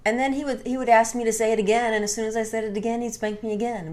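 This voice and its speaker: A woman's voice: on the high side, little pitch movement, racing, few pauses. A young adult woman casually telling a candid, rambling personal story and swearing freely.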